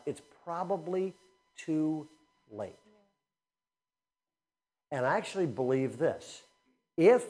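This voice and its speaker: A man preaching a sermon to his congregation, telling stories with animated bursts and slowing down for earnest, repeated emphasis. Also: fairly high pitch. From Southern California. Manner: animated storytelling with laughter, then slow earnest emphasis. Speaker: pastor. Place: church before a congregation.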